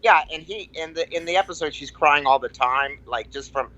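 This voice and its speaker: Man, comedy podcast guest, rambling, halting, bright tense voice, dull lo-fi sound. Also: fairly high pitch. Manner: rambling, halting, full of restarts and self-mocking asides. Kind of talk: casual podcast chat.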